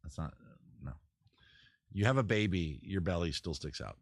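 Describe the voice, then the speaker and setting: A man hosting a casual livestream, talking in a rambling, self-interrupting way, swearing and acting out scenes in quick put-on voices. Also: deep voice, lively intonation, creaky. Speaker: livestream host. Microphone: camera mic.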